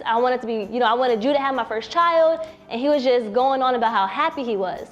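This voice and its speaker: A young woman with a fairly high voice tells her own story in a relaxed, conversational way. She keeps dropping "you know what I'm saying" and slips into the voices of the people she quotes. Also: quick pace, hardly any pauses, highs cut off. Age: young adult. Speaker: young mother interviewed on camera. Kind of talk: personal storytelling.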